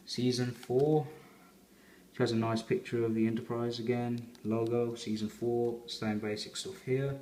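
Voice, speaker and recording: Low-voiced man in an echoey room. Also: darkish tone. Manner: rambling, chatty fan talk. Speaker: collector reviewing a box set. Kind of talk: casual unboxing review.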